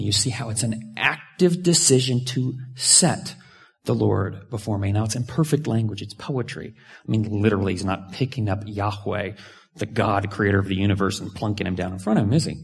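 A middle-aged male pastor preaching, with a gravelly, slightly husky voice. He tells a personal story in a sermon, dropping to hushed asides and rising to loud bursts. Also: lowish voice, moderate pace.

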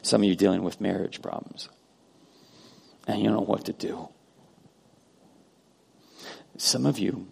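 A man preaching a sermon as pastor, earnest, moving between loud emphasis and hushed prayer. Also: on the low side, fairly even intonation, slow, gravelly, long pauses, slightly rough. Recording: long hall reverb.

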